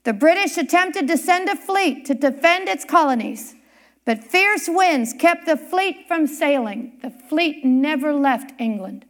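A high-pitched woman delivers a sermon story at an unhurried pace. She lingers on words and pauses for drama, building the tale phrase by phrase. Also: expressive. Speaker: church speaker.

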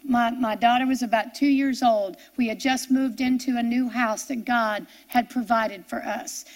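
A middle-aged woman preacher giving an earnest sermon testimony, storytelling with halting restarts and building to impassioned preaching. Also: fairly high pitch, steady tone.

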